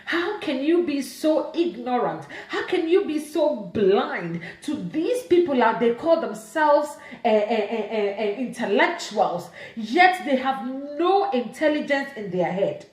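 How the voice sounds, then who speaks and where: A woman's voice: on the high side, big pitch swings, unhurried, few pauses, a little mellow. A Ghanaian woman with a Ghanaian accent, hosting an emotional live stream, pleading and firing off rhetorical questions. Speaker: livestream host. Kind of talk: impassioned live-stream rant. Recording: echoey room.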